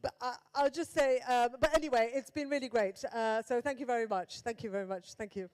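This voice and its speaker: A woman comedian with a Birmingham accent doing a stand-up set, chatty and self-deprecating, with quick asides to the audience. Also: a little high, steady tone, darkish tone. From England.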